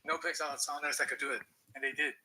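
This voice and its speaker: Interview guest, male: higher voice, quick pace, earnest storyteller. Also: steady tone, noisy background. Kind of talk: explanatory interview talk.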